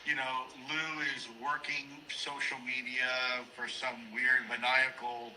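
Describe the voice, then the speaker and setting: A man on as a guest, chatting casually, joking at his own expense with halting restarts. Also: medium pitch, monotone, bright, forceful tone, a little hiss or hum, low-quality recording. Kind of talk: casual chat.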